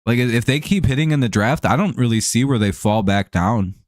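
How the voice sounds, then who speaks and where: Talking sports casually for his livestream audience, this young streamer rambles, swears, restarts sentences, and leans on fillers, calling out viewers by name. He has a mid-range voice, animated and fairly quick. The recording is dry with clean studio sound.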